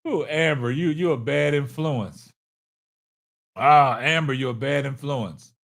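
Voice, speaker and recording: A man's voice: mid-range voice, a little slow, gravelly, a bit bright. A man hosting a live stream, laughing hard and whooping between casual remarks to his chat. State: laughing to tears. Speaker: livestream host.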